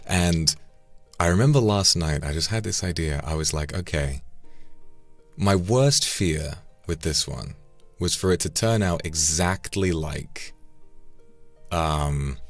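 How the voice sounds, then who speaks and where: A man's voice: deep voice, takes it slowly, long pauses, dry recording, soft background music. A man casually chatting on a livestream, swearing now and then and tripping over repeated words. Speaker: streamer.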